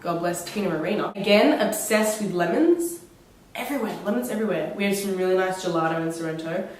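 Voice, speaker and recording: A woman's voice: lowish voice, fast. Chatty young Australian woman, echoey room. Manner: enthusiastic, animated, laughing retellings with put-on quotes. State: has a cold. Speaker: vlogger. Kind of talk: casual chatty storytelling. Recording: very echoey room, mic at a distance.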